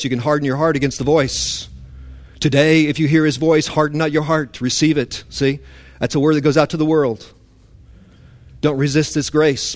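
Male pastor in a church, fairly high register, passionate sermon delivery with dramatic volume drops. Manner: impassioned, swings between loud emphasis and hushed intensity; mock-indignant voice for a legalist's complaint. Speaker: preacher.

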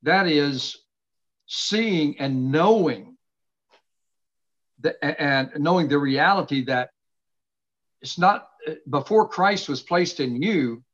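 A middle-aged man hosting a casual faith conversation, earnestly expounding scripture with slow, emphatic stresses from his home study. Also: on the high side, lively intonation, a bit bright. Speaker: host. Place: home study with books behind him. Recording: dull lo-fi sound.

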